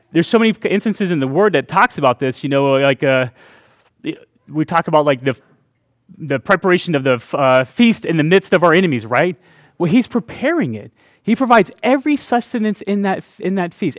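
Chatty preacher man, slightly high voice. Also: dry recording. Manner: chatty, laughing asides, many "right?" checks. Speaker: pastor. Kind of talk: conversational sermon.

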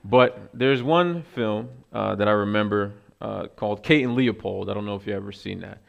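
A man's voice: lowish voice, normal speed, creaky, lo-fi sound. A man giving a casual, conversational sermon with self-deprecating asides and frequent fillers. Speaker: preacher.

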